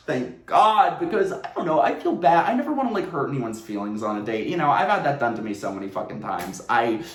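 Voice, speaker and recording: A man telling a casual storytime at home, animated and sarcastic, laughing often. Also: mid-range voice, brisk, slight background noise. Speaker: vlogger. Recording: roomy echo.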